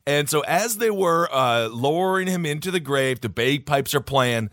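A man co-hosting a podcast in casual comedic chat, animated and joking as he reads stories aloud. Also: a little high, normal speed, no echo, clean studio sound. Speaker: podcast co-host.

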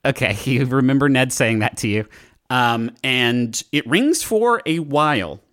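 A man's voice: mid-range voice, animated, measured pace, fairly bright tone, no room sound, studio quality. A man narrating a tabletop game as game master in a casual, filler-heavy way.

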